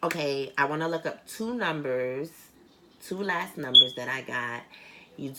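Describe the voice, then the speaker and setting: A woman giving a private tarot reading who speaks earnestly and bluntly, swearing casually, repeating phrases for emphasis and reading card text aloud slowly. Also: deep voice, expressive, very noisy. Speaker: tarot reader.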